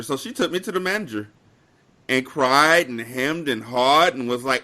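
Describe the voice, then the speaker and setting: A young man co-hosting a podcast, telling a work story in casual chat with animated delivery and mock-formal phrasing. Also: medium pitch, normal speed. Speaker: podcast co-host.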